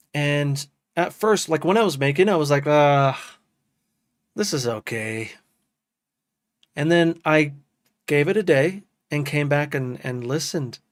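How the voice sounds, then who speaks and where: A man's voice: on the high side, no room sound, clean studio sound. A man casually chatting to his live-stream chat as a music producer, loose and enthusiastic, dropping "dude" and "bro" often.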